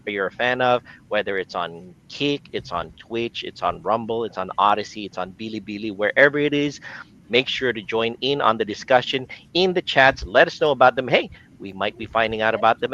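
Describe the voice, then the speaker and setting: Bright, upbeat man on dull call audio. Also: mid-range voice. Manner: upbeat, energetic radio-style greeting. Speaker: regular panelist. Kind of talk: casual panel chat.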